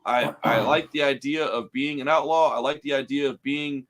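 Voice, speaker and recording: A man's voice: medium pitch, steady tone, moderate pace, background noise. A man co-hosting a movie podcast, chatting casually and animatedly, swearing freely and calling people "dude". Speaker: podcast co-host. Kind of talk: casual chat about a film.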